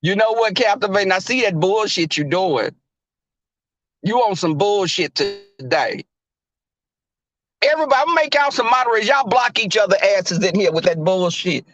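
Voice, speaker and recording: A man's voice: sits high, animated, normal speed, fairly bright tone, dry recording, rough recording. A young man hosting a casual livestream, talking animatedly and profanely, laughing and calling out viewers in the chat. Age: young adult. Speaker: livestream host.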